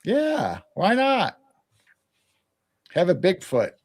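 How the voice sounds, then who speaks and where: A man's voice: high-pitched, wildly swooping pitch, extremely slow, husky. Rambling, playful Midwestern man. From Midwestern United States. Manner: rambling, playful, repeats words while thinking. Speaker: co-host of a live chat stream. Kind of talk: casual late-night chat.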